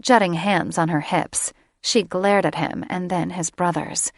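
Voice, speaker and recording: Female audiobook narrator, low voice, slow and measured, close dry booth sound. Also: steady tone, vocal fry, dry recording. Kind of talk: scripted fantasy romance narration.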